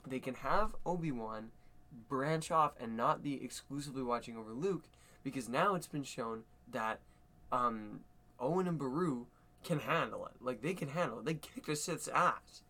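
A young man co-hosting a casual podcast, excitable and gushing as he chats. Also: medium pitch, normal speed. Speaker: podcast co-host. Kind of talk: casual chat.

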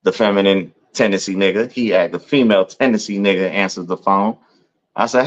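A man with a very low voice tells a story on a podcast in loose, casual chat. He keeps checking in with his listener and jumps into higher voices to quote other people. The sound is dull and lo-fi. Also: a little fast. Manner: animated, acts out quoted voices in a higher pitch; peppers talk with "you know what I'm saying". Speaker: podcast co-host.

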